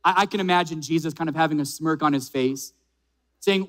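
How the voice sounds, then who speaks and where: A male pastor with a notably high voice delivers a sermon. He preaches with emphasis, drawing out key phrases slowly and repeating them so they land. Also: fairly bright tone.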